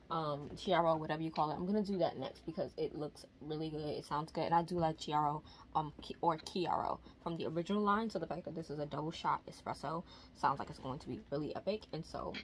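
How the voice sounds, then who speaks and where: Woman vlogging with background noise. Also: deep voice. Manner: relaxed, rambling with many ums. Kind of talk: casual chat.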